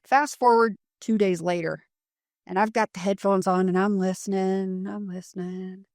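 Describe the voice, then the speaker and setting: Middle-aged woman, from Colorado, casual interview storytelling, animated, lots of fillers, mid pitch, dry close sound. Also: normal speed, dry recording. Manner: animated, acts out quotes, many fillers. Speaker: paranormal investigator guest.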